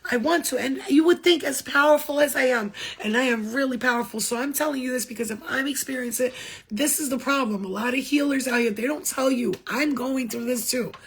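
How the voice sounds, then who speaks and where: A woman's voice: sits high, a little fast, creaky, slightly rough. A woman who works as a spiritual healer, giving an impassioned, blunt talk to viewers, swearing freely and repeating phrases for emphasis.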